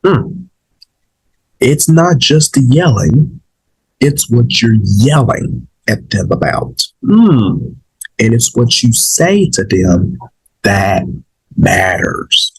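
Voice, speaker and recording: A man's voice: mid-range voice, big pitch swings, drawn-out words, vocal fry, breathy edge, poor audio. A man, a little sick and saving his voice, talking casually to his viewers in a rambling way, with many fillers and restarts. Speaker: vlog host. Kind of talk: casual opinion talk to viewers.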